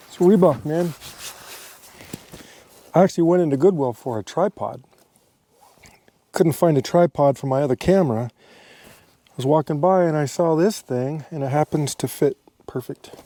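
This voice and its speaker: A travel vlogger with an American accent and a warm, fairly high voice casually narrates a camping vlog into a handheld action camera. He's outdoors on a desert cliff and campsite, chatty and easygoing, with fillers and laughter.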